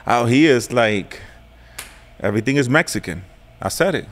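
A man's voice: medium pitch, lively intonation, normal speed. A man from New York with a Puerto Rican New York accent, chatting casually and profanely, laughing often. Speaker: podcast host. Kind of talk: casual chat.

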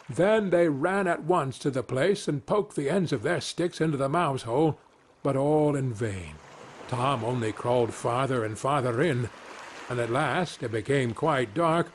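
A man reading a fairy tale aloud as a gentle, measured bedtime story. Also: medium pitch, slight background noise.

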